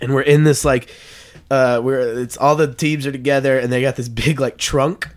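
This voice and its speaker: A man's voice: medium pitch, moderate pace. A young man in a studio, telling a funny story in casual chat, acting out voices and laughing often. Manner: animated, acts out voices in his stories, laughs often. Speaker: comedian guest. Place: radio studio.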